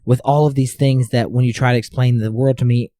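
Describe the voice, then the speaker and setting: A man's voice: medium pitch, fairly even intonation, a little fast, mellow, no echo, studio quality. Earnest, reflective man on a podcast. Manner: earnest, reflective, repeats phrases while thinking. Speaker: podcast host. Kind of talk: casual chat.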